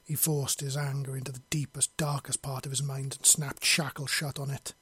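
A man narrating a fantasy story in a steady, measured read. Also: medium pitch, slightly rough, no room sound.

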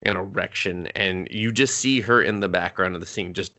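A man's voice: low voice, normal speed, bright, forceful tone. A man co-hosting a podcast, casually recapping an anime episode in a rambling way, swearing freely and laughing as he goes. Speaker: podcast co-host.

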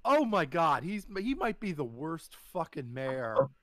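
A man's voice: a little high, sing-song, unhurried, a bit bright, no room sound, studio quality. A man co-hosting a casual podcast, ranting emphatically and swearing. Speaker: podcast co-host. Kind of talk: casual chat.

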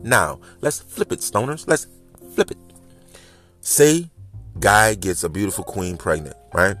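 A man in his thirties hosting a casual podcast monologue, talking in an animated, rambling way straight to his listeners. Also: fairly low pitch, unhurried, long pauses, soft background music. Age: 30s. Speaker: podcast host. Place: home, smoking while recording.

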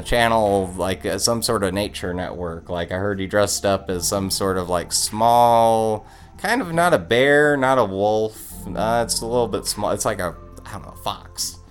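A man co-hosting a podcast in casual comedic banter, rambling with hesitant fillers and laughing often. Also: lowish voice. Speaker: podcast co-host.

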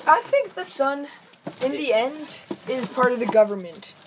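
Young woman, slow deadpan banter, high animated pitch. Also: background noise. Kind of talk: goofy improvised role-play with friends.

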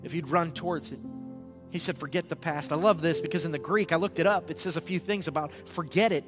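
A man preaching a sermon as pastor, moving from hushed, intimate passages to loud exhortation and calling on the congregation to repeat after him. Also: on the high side, fast, music in the background. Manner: repeats words, calls on the congregation to respond.

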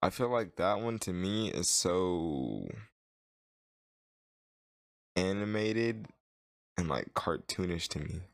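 A man with a very low voice ribs his co-host in a loose, joking drawl. The sound is dry and close to the mic, with no room behind it. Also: lively intonation, a little slow, gravelly, dry recording. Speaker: podcast co-host. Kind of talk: casual chat.

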